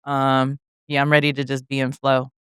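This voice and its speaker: Middle-aged woman guest, very smooth resonant voice, dry close sound, candid talk. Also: a bass voice, monotone, normal speed, dry recording. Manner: candid, emphatic and reflective. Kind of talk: casual conversation.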